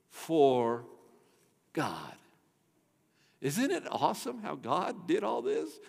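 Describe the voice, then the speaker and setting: An older man preaching a sermon, emphatic, asking rhetorical questions and swinging between loud and soft. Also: on the high side, wildly swooping pitch, slow pace, gravelly, pauses often. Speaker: pastor. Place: church sanctuary. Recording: long hall reverb.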